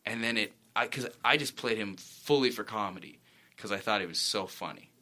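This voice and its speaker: Speaking a little fast in a lowish, sharp voice, this male actor rambles through stories and keeps correcting himself. It's a casual interview chat on a relaxed talk show.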